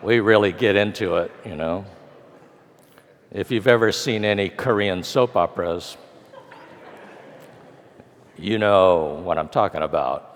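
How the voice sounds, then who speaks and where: A man in his sixties from California, telling a story in a lecture with wry, dry humor and acting out the dialogue. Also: low-pitched. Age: 60s. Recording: long reverb of a large hall.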